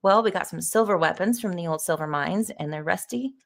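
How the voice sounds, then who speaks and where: A woman's voice: fairly low pitch, fairly quick, vocal fry. A woman voicing a grizzled, conspiracy-minded backwoods militia leader in a plain read-aloud manner. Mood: grim. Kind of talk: reading AI-generated dialogue aloud on a live stream.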